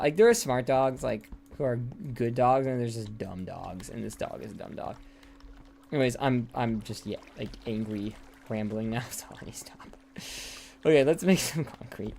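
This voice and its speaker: A man's voice: mid-range voice, lively intonation, moderate pace, a little mellow, a little hiss or hum. Rambling young man streaming a game. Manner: rambling, swears casually, drifts into whispering. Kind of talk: casual gameplay chat. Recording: clear background typing and clicks.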